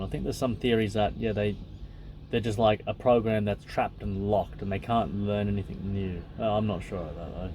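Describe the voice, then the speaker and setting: A man reading passages from a text aloud and pausing to muse on them in a loose, casual way, with fillers and asides. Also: fairly low pitch, steady tone, creaky, a little mellow, slight background noise. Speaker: podcast host.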